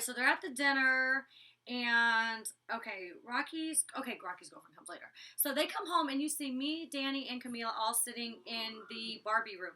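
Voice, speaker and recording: A young woman chats through a reality show recap in a gossipy, blunt way, swearing freely. Her voice is fairly high and strikingly bright. She sits a little way back from the microphone. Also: recorded from a distance. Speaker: reality show cast member reviewing her episode. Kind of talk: casual vlog recap.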